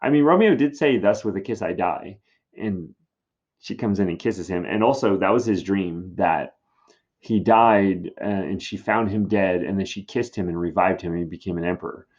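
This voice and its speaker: A man's voice: low voice, moderate pace, darkish tone, dull audio. A male teacher giving a recorded literature lesson, talking casually with wry asides.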